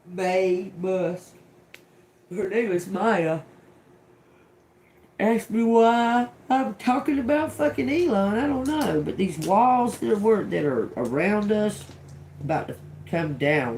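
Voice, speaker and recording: A middle-aged woman streams a channeled tarot reading in a slow, unhurried way. She swears freely, giggles to herself and drifts between muttered single words and rambling asides. A faint background hum sits under her voice. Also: mid-range voice, animated, darkish tone. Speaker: tarot reader on a livestream. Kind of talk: casual live channeled reading.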